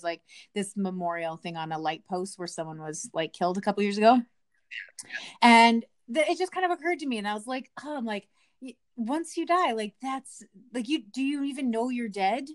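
A woman's voice: medium pitch, no room sound. A woman in her forties co-hosting a casual chat, dry and skeptical, musing aloud. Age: 40s.

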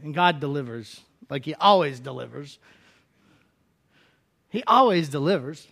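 A bright, fairly high-voiced man preaches a conversational sermon from the United States. He moves between raised, dramatic outbursts and quiet, slowed-down lines. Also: expressive, gravelly. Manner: conversational preaching, swings from loud acted cries to hushed low lines. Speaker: pastor.

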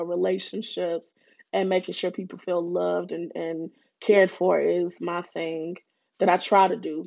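A woman's voice: on the low side, vocal fry, dull audio. A woman, hosting a podcast in a casual, heartfelt way and calling listeners baby and honey. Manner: chatty and heartfelt, many fillers, calls listeners baby and honey. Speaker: podcast host. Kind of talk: casual solo chat.

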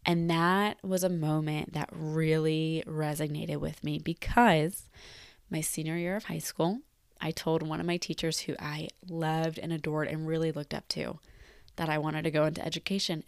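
A woman's voice: low-pitched, little pitch movement, normal speed, clear, resonant tone, no room sound, clean studio sound. A woman in her twenties, a teacher, talking candidly and reflectively about her job in a personal vlog, repeating words for emphasis. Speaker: teacher leaving the profession.

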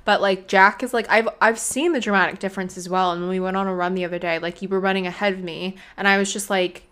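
A woman's voice: mid-range voice, fairly even intonation, quick pace, a bit bright, clear, resonant tone. Chatty young woman podcast host. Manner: chatty, many "like" fillers. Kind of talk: casual podcast chat.

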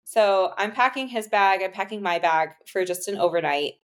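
A woman's voice: medium pitch, moderate pace. Young woman telling her own story. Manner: conversational, many fillers, acts out dialogue. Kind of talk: personal storytelling.

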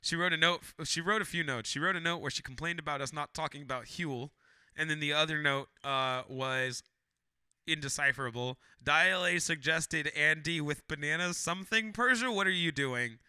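Bright, higher-voiced swearing man. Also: normal speed, clean tone, no echo, studio quality. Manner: profane, jokey banter. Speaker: podcast co-host. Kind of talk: casual chat.

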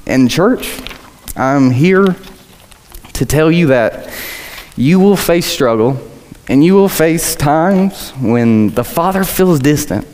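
A man's voice: fairly high pitch, lively intonation, slow, a little mellow, in a large hall, poor audio. A man preaching a sermon with earnest conviction and casual joking asides.

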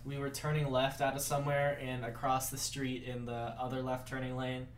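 A young man chatting casually as a podcast co-host, an animated storyteller who laughs often. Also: mid-range voice, normal speed, recorded from a distance, a little hiss or hum. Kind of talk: casual chat. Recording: roomy, off-mic with faint ambience.

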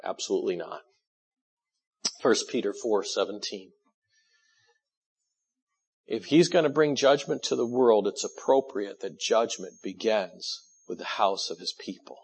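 A man's voice: lowish voice, a little slow, long pauses, husky. A man preaching a sermon, speaking animatedly and pushing his voice up in bursts of emphasis. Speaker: pastor.

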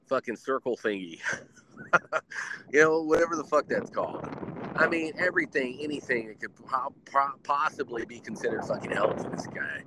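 A man's voice: mid-range voice, sharp tone, a little hiss or hum, rough recording. A man hosting a live talk show outdoors, rambling and heavily profane and often laughing. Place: outdoors in the wind.

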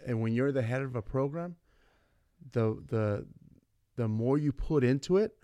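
A man's voice: mid-range voice, unhurried, dry recording. A man in his forties, a vice principal and former coach, telling stories in a casual conversation and acting out the voices of people he quotes. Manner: animated, acts out quoted voices, says "man" and "like" often.

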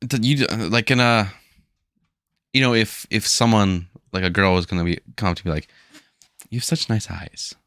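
Young man, very low voice, dry close mic, teasing, interjects, casual podcast banter. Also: fairly bright tone, clean tone, no room sound. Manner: teasing, interjecting, quick to laugh. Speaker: podcast co-host.

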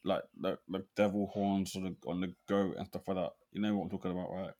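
A man co-hosts a podcast in casual conversation, speaking at a quick pace in a low, mellow voice with little pitch movement. He stammers through restarted words and keeps tagging his lines with "right?".

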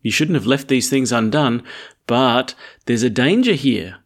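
A man's voice: mid-range voice, animated, measured pace. A man, a priest reading the Gospel and then preaching a chatty, lightly humorous homily.

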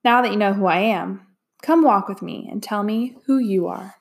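A woman's voice: medium pitch, moderate pace, gravelly, natural voice. Woman voicing a playful, commanding young king. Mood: gentle. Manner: regal, teasing.

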